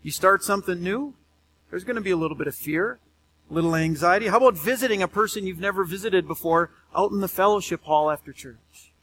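High-voiced male pastor preaching casually. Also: quick pace, a little hiss or hum. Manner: conversational, repeats words when excited. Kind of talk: sermon.

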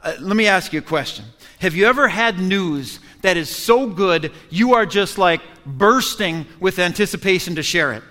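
Preacher, male, high bright voice, earnest and emphatic; church hall reverb. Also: expressive, moderate pace, few pauses. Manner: earnest, building emphasis with repeated phrases. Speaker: pastor. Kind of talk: sermon. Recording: echoey hall.

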